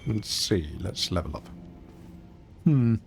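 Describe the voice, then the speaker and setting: Man, gaming streamer, rambling storyteller, self-mocking, lively pitch, slow-paced, faint background hiss. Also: vocal fry. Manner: animated, chatty, reacting aloud to the game. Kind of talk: casual gameplay commentary and storytelling.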